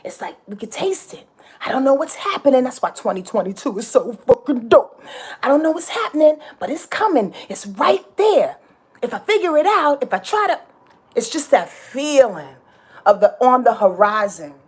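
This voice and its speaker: A woman's voice: high voice, sing-song, moderate pace, darkish tone, breathy edge. A woman giving a casual astrology talk, passionate and dramatic, emphatic and repetitive, with slang and swearing. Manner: profane and slangy.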